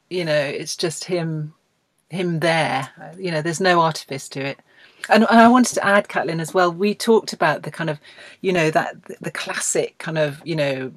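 Lowish-voiced hesitant woman director. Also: no room sound. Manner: hesitant, warm, with many fillers. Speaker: film director guest. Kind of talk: casual interview chat.

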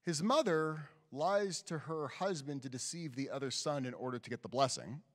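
A man's voice: on the high side, moderate pace. A man, a rabbi, telling a story in a sermon and acting out the voices of the people in it. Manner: storytelling, animated, acts out quoted voices. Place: synagogue sanctuary. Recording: long hall reverb.

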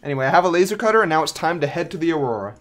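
Guy doing a let's play, kinda high voice, bouncy and giggly, makes fun of himself. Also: very fast. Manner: animated, giggly, self-mocking. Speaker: gameplay host. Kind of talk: casual let's play commentary.

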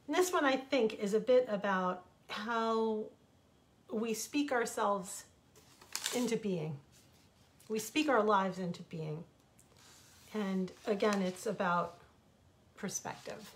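Slow reflective woman reading a fable. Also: mid-range voice, a little hiss or hum. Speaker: author reading her own fables. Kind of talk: storybook reading.

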